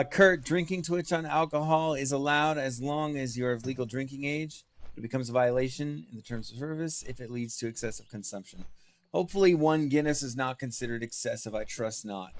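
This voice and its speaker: A man livestreaming a game, chatting casually with viewers in a self-deprecating, laughing way, wearing headphones at a desk mic. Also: medium pitch. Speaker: streamer.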